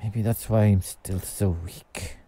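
A man's voice: level tone, mellow, faint music behind. Man voicing Hop, a gloomy boy. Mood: downcast. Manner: slow, gloomy self-talk that spirals into high strained cries. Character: anxious teenage boy rival trainer, self-doubting.

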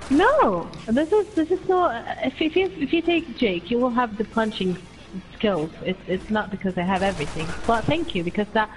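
A woman's voice: a little high, animated, moderate pace, noisy background. A woman streaming a video game, chatting casually in a hesitant, giggly way. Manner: hesitant, giggly, many restarts. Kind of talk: casual gameplay chat.

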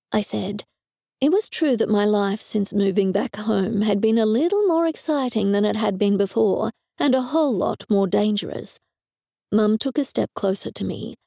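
A woman narrating a first-person audiobook in a wry, even storytelling manner on a close studio mic. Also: medium pitch, normal speed, gravelly, dry recording.

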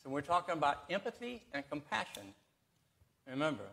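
Lively, folksy preaching man. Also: a little high, gravelly, a little hiss or hum. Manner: folksy, lively storytelling with pauses. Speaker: pastor. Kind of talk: sermon with jokes. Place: church sanctuary.

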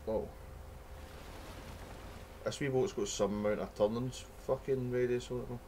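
A man's voice: mid-range voice, steady tone, normal speed, warm tone, slight background noise. A young man with a Glaswegian accent giving sweary, rambling commentary while playing a video game. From Scotland. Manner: sweary, rambling, mock-outraged. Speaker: gamer. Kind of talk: let's play commentary.

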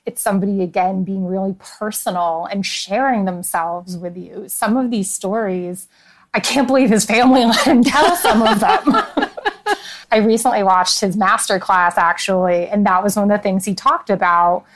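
Woman podcast guest, mid-pitched, chatty, giggly storyteller. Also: moderate pace. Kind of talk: casual chat.

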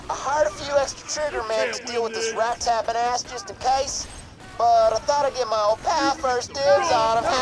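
An actor voicing a crude backwoods mechanic in a video game, rambling and swearing in a folksy way. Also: male voice, very high-pitched.

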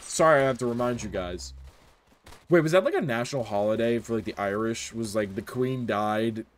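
A young man chatting through a live game stream, joking loosely and reacting to his chat. His mid-range voice swoops up and down a lot as he goes, casual and animated. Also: mid-range voice, moderate pace, slight background noise. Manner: animated, jokey, reads chat aloud, often laughs.

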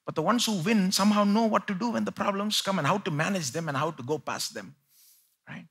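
A man delivers a live sermon in a bright, forceful voice with a husky edge. He preaches emphatically, jumping from loud pleading peaks to low, confiding asides, and his voice sits a little high for a man. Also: brisk. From India. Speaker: pastor. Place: live church service.

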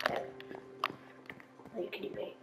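A woman's voice: measured pace, heavy background noise. A woman hosting her gaming channel, rambling to herself during play-along commentary and now and then dropping into whispers. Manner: rambling self-talk, dipping into whispers. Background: loud game music.

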